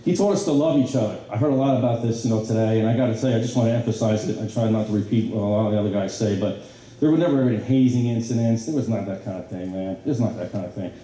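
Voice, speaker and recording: A middle-aged man giving a banquet speech, telling stories in an animated way with many fillers and restarts. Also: fairly low pitch, fast. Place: banquet hall. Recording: very echoey hall from a distance.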